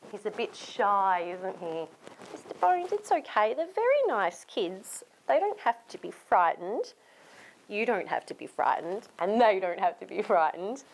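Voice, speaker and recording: A woman's voice: mid-range voice, expressive, measured pace. An Australian woman hosting a children's storytime show, coaxing young kids directly in a playful voice with gasps and exclamations. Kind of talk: children's storytime and sing-along.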